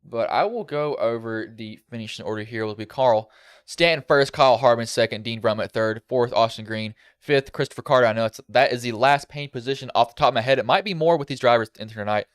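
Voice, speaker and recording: Male sim racing host, slight country lilt, relaxed rambling recap, crisp and dry on a headset. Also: medium pitch, quick pace, dry recording. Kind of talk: post-race commentary.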